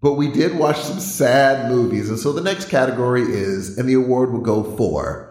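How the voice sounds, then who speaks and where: Lively laughing man in echoey room. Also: medium pitch, normal speed. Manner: animated, laughing storyteller. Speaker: podcast co-host. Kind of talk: casual movie-awards chat.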